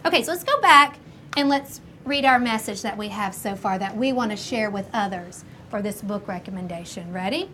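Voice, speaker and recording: A woman teaching a first grade class, slowly sounding out words and encouraging the children. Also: medium pitch, animated. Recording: noisy classroom recording.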